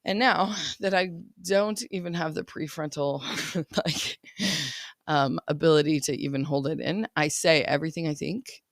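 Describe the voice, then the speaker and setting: Gravelly-voiced woman life coach chatting. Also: deep voice, moderate pace, dry recording, studio quality. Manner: chatty, often laughs, keeps asking "right?". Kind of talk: casual coaching podcast talk.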